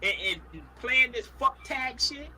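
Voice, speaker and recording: A man's voice: very high voice, lively intonation, slow pace, crowd noise. A man co-hosting a casual radio talk show, breaking his points down in a preachy way.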